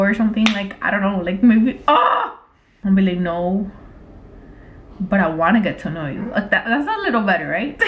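A pregnant woman vlogging in casual chat, exasperated and expressive, with lots of fillers and swearing. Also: fairly high pitch, moderate pace, echoey room, a little hiss or hum. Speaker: vlogger, prank channel co-host. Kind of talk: casual vlog chat while texting.

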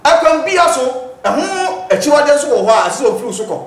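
A man's voice: very high voice, big pitch swings, fairly quick. A man from Ghana, a prophet, explaining spiritual matters in an interview with a preacherly manner that cites scripture. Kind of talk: teaching in an interview. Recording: roomy echo.

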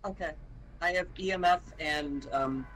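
High, bright, slow-talking man on voice chat. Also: poor audio. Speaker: teammate on voice chat. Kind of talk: casual gaming chat. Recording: voice chat with faint noise.

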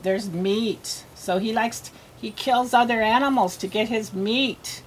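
A woman with a fairly high voice teaches a young child to read, going very slowly and sounding out letters one at a time. She repeats words patiently, and a faint hum of room noise sits behind her. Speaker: reading teacher. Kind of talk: slow read-aloud phonics lesson for young children.

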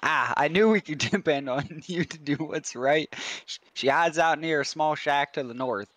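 A man's voice: fairly high pitch, normal speed, a bit bright, lightly acted. A man voicing a poor male fisherman with a put-on Southern US accent, drawling and pleading for help. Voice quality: drawling, breaking into laughs.

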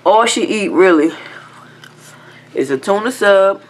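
A woman's voice: mid-range voice, animated, measured pace. A woman hosting a mukbang, chatting casually while chewing and humming as she eats. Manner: talks while chewing, lots of hums of enjoyment. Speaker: mukbang host. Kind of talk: casual eating chat.

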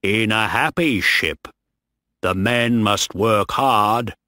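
A man reading a story slowly and clearly for English learners. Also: lowish voice, dry recording, studio quality. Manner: very slow, clearly phrased, lively intonation. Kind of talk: slow scripted narration for English learners.

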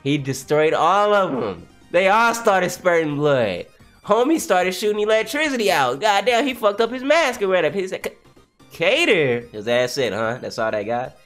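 A man's voice: normal speed, faint music behind. Hyped guy reading a comic live, cusses and laughs a lot, voice bouncing up and down. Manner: excitable, profane, laughs a lot, jumps between high and low voices. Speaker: comic reaction streamer.

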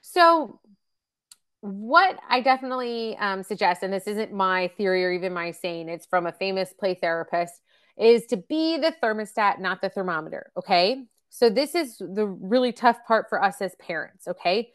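Presenting a parenting webcast, a woman in her thirties or forties speaks at a normal speed in a clear, resonant voice of medium pitch with lively intonation. Her casual teaching talk is chatty, sprinkled with fillers and acted-out quotes.

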